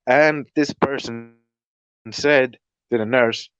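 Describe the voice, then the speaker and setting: A man's voice: medium pitch, fairly even intonation, slow pace, fairly bright tone, smooth, no echo, lo-fi sound. A man vlogging an angry, rambling monologue, swearing often and restarting his sentences. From Ireland. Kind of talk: ranting monologue.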